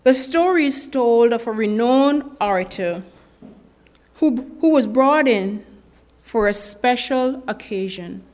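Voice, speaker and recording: Woman preacher, somewhat high voice, very unhurried, earnest sermon delivery with dramatic pauses. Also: lively intonation, a little mellow. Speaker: speaker at a women's ministry gathering.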